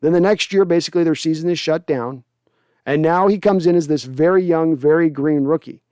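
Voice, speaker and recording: Rambling, clear-voiced sports show host. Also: male voice, fairly high pitch, a little fast, darkish tone, dry recording. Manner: rambling, lots of fillers, laughs at himself. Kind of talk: casual livestream chat, reading viewer comments.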